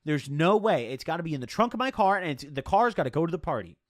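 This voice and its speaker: A man's voice: a little high, expressive, fast, no echo, clean studio sound. A young man telling a rambling, profane storytime tale in slangy, casual talk.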